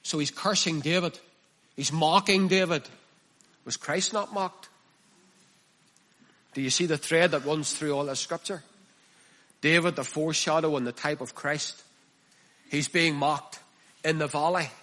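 A man preaching a sermon, reading scripture aloud and expounding it with passion, his voice dropping hushed and then rising loud. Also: fairly high pitch, measured pace, pauses often. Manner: impassioned, swinging from hushed to loud.

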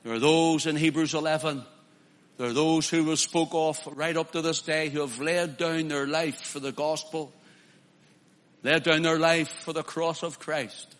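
Impassioned preacher in a reverberant hall. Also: male voice, on the high side, fairly even intonation, a little slow, fairly bright tone. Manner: impassioned, rising to emphatic declarations. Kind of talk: sermon.

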